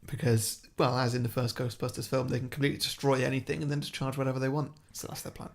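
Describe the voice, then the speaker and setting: Brief: male co-host, average pitch, loose and giggly storyteller who drops into quick character voices. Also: flat delivery, vocal fry. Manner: laughs often, does quick voices for characters. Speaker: podcast co-host. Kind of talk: casual chat, pitching a made-up film plot.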